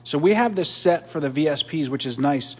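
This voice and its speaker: A man's voice: on the high side, lively intonation, a little fast, a little mellow. A man hosting a live product demo beside a swim spa, chatty, explaining as he goes with restarts. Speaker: host and triathlon coach.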